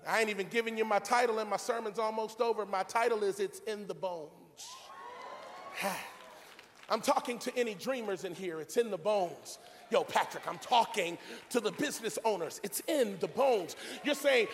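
A man's voice: high-pitched, moderate pace, slight background noise. A man preaching a sermon in a church, fervent and rhythmic, repeating his lines and calling out to the congregation. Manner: fervent, rhythmic preaching with repetition and calls to the crowd. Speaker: pastor. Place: church sanctuary. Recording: long reverb of a large church hall.

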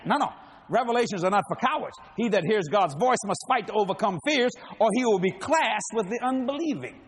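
Male preacher, high voice, swooping delivery, folksy jokes, laughs often. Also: expressive, brisk. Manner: jokey, laughs between lines, folksy. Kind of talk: humorous sermon storytelling.

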